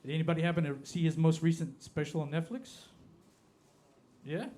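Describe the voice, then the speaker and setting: A man with an Appalachian American accent, doing stand-up in a comedy club. His voice sits a little high for a man. He delivers deadpan, slowing down on each punchline. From Appalachia, United States.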